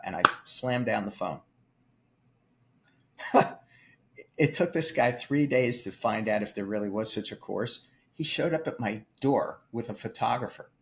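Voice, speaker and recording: An older man, a film producer, telling emphatic, animated stories in an interview. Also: lowish voice, measured pace, gravelly. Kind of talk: storytelling interview.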